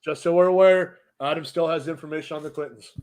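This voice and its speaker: A man with a notably high-pitched voice, swearing freely as he rambles through a story. His talk is loose and unscripted, the easy back-and-forth of a podcast guest. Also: fairly even intonation, fast, darkish tone. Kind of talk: casual podcast chat.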